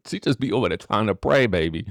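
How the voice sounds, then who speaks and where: A man hosting a casual celebrity gossip commentary, animated and rhetorical, who keeps asking the viewers questions and checking in with them. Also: fairly low pitch, vocal fry, no room sound, studio quality. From rural area. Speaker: gossip show host.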